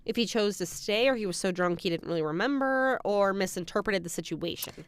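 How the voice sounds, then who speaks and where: A woman's voice: mid-range voice, brisk, smooth, dry recording. A woman co-hosting a true crime podcast, reacting with sassy jokes and teasing remarks. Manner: sassy joking reactions with laughs. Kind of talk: casual true crime chat.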